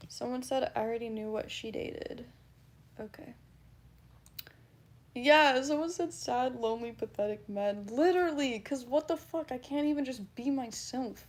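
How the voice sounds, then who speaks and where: A woman's voice: high-pitched, normal speed. A woman livestreamer casually reading and answering chat, blunt and laughing, swearing freely.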